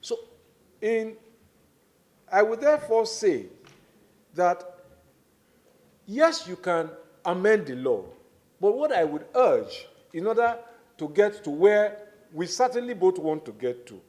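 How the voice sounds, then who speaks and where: Giving formal testimony as a government minister at a public hearing, this middle-aged man with a Nigerian accent speaks with measured, deliberate emphasis. His high, darkish voice makes big swings in pitch.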